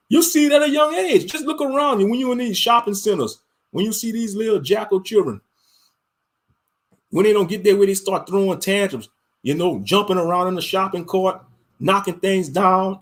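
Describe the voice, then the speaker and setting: A man with a voice pitched a bit higher than most goes on a loose, rambling rant. He talks in heavy slang, stops to correct himself and jumps from loud, emphatic bursts to quiet mutters. He is from the United States and speaks as an online commentator.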